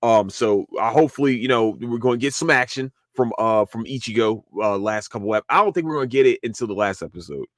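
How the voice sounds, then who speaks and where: Excitable man rambling about anime. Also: medium pitch, fast, hardly any pauses, dry recording, clean studio sound. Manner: excited, rambling, swears freely, repeats words. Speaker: podcast host. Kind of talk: casual solo anime review.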